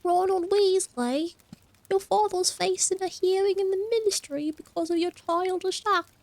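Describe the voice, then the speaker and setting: A woman doing a shrill, reproachful voice to read out an angry written review, over-enunciating each word. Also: moderate pace, a little mellow. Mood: scolding.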